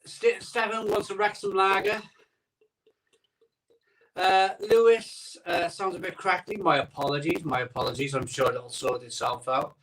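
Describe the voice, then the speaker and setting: Bloke rambling on his live stream, bit high voice, chatting away on his phone. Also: fairly even intonation, unhurried, a bit bright, far from the mic, rough recording. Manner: rambling, chatty, reads out viewer comments. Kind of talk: casual live-stream chat. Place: home conservatory. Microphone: iPhone microphone.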